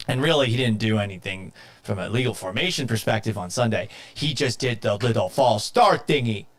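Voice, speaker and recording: A man hosting a live sports talk stream, talking casually and reading out viewer comments, exasperated and swearing, and mocking himself. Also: fairly low pitch. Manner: reads viewer comments aloud.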